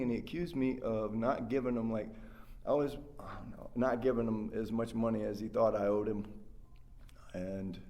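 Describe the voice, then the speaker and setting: A man's voice: on the low side, mellow, slight background noise. A man giving a rambling, heartfelt personal share as a speaker at a recovery workshop, full of fillers and restarts. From West Virginia.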